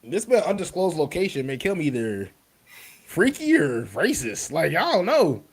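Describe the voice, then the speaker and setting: Male podcast co-host, relaxed slangy banter, slightly raised pitch. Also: normal speed, gravelly, slightly rough. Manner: laid-back slangy banter, reads chat comments. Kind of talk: casual wrestling chat.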